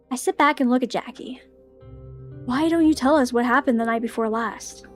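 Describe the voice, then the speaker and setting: Young woman, game streamer, giggly, easily spooked, high voice, faint music. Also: moderate pace. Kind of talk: reading a visual novel aloud with commentary.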